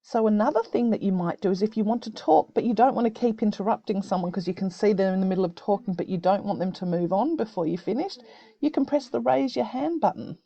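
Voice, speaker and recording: A woman who teaches young students, explaining a video-call tool step by step in a gentle, encouraging way. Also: mid-range voice, fast, vocal fry, no echo, lo-fi sound. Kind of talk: screen-recorded tutorial for children. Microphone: computer mic on a video call.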